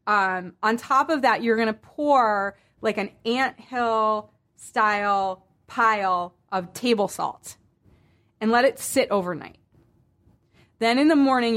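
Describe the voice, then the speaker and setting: Woman podcast host, Boston-raised, mid pitch, loose and chatty with asides. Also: a bit bright. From Boston area. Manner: chatty, rambling with fillers and asides. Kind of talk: casual chat.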